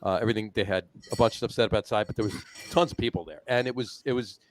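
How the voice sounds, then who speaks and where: A man's voice: lowish voice, steady tone, racing, slight background noise. A man co-hosting a casual beer podcast, rambling with fillers and restarts. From New Jersey. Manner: rambling, many restarts and fillers, laughs often. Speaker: podcast co-host. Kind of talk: casual chat.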